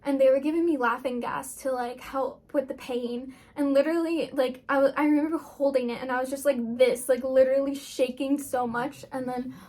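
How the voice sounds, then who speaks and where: A woman's voice: high-pitched, fairly even intonation, a little fast, hardly any pauses, a little mellow. A young woman vlogger telling a personal story in a casual, rambling way, full of fillers.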